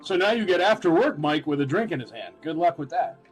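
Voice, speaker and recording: A man's voice: on the high side, big pitch swings, a little fast, soft background music. A man hosting a casual live-stream auction, chatty and rambling with lots of filler words.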